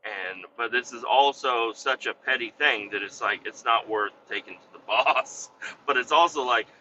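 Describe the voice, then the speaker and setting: Man with a very bright, sharp voice ranting. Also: mid-range voice, moderate pace, lo-fi sound, a little hiss or hum. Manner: profane, exasperated, rambling. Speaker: podcast host; vac truck operator. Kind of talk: casual ranting storytelling.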